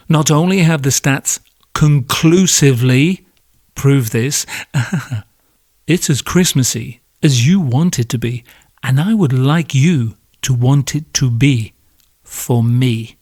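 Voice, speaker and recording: Sarcastic sweary podcast host. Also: male voice, mid-range voice, slow, a little mellow, no room sound, clean studio sound. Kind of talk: comedic monologue.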